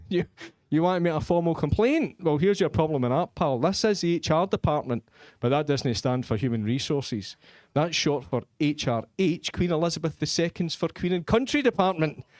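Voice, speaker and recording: A man's voice: on the high side, no echo. A man voicing a blunt, crude 1980s HR officer who mocks and swears at a complainer. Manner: dismissive, swearing, mocking.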